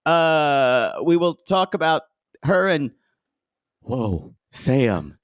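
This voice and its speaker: Lively, gossipy male podcast co-host. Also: on the high side, very slow, dry recording, studio quality. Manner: animated, giggly, gossipy. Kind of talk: casual chat.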